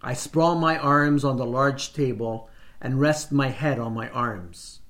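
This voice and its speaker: A man reading a first-person short story aloud in a measured, deliberate way. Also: medium pitch, fairly bright tone. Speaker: reader.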